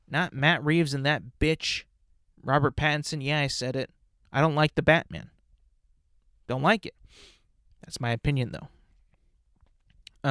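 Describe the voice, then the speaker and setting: A man's voice: mid-range voice, a bit bright, no echo, studio quality. A young man hosting his own podcast, ranting bluntly and profanely with lots of restarts and tangents. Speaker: podcast host. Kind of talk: casual solo podcast rant.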